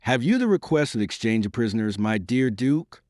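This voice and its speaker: A man's voice: medium pitch, big pitch swings, fairly quick, a little mellow, no room sound, studio quality, natural voice. A man voicing a pleading, impulsive young noblewoman in an audiobook reading. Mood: eager. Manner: imploring, emotional.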